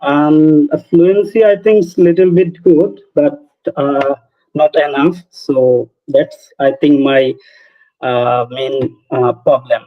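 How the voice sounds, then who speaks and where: A man's voice: fairly high pitch, steady tone. Hesitant man from Bangladesh, muffled line. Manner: hesitant, many "uh" pauses. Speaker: test candidate. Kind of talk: hesitant non-native conversation. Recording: muffled lo-fi call audio.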